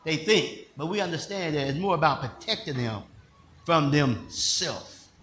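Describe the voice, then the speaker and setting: An older man, a pastor, preaching in a conversational style with call-and-response questions, rising at times to shouts. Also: a little high, animated, measured pace, roomy sound, a little hiss or hum. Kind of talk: sermon.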